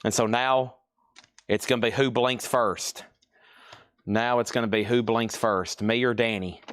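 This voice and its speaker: A man runs a casual live sale from his store, rattling off items and prices. He talks in a chatty, teasing way. His voice sits at a middling pitch and the sound is dry and close. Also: steady tone, a little slow, a bit bright, dry recording. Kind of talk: casual live-stream selling.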